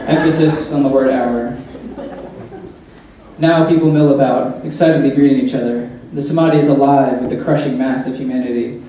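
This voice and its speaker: A man's voice: medium pitch, fairly even intonation, moderate pace, background noise. A man reading a humorous personal essay aloud, with wry, dry asides. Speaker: essay reader. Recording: echoey room, mic far off.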